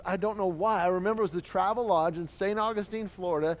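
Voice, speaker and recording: Brief: male pastor, high-pitched, animated storytelling sermon with acted-out voices. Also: fast.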